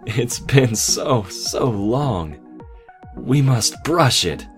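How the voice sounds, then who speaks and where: A man's voice: low-pitched, sing-song, takes it slowly, fairly bright tone, soft background music, heavily acted. A man voicing a regal female alicorn princess who speaks in the royal "we", in a raised voice with an altered timbre. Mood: eager.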